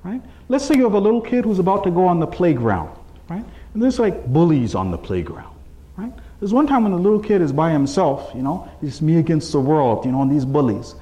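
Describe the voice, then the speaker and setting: A man's voice: on the high side, very animated, fairly quick, warm tone. A man giving a sermon, telling a story and acting out the quotes with shifting voices, often checking in with "right?". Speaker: religious speaker.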